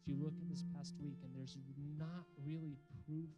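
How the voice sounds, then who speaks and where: A young man leads a youth group sermon, speaking earnestly and with emphasis as he urges listeners to serve and commit. His voice sits a little higher than most men's. Instrumental music plays clearly behind him. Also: flat delivery, normal speed, low-quality recording. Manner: earnest and emphatic, with an altar call.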